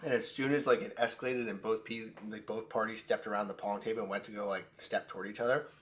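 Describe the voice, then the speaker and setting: A young man talking fast and loose on a sports podcast, stringing a story together with plenty of fillers and swearing. His voice sits a little low, and he keeps the pace quick. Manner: animated, profane storyteller, many "like" fillers. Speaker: podcast co-host. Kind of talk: casual sports chat and storytelling.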